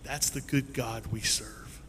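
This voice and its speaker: A male pastor preaching a sermon in a church sanctuary. His delivery is animated and swings between loud and soft. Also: medium pitch, slow, a little hiss or hum. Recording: long reverb in a large hall.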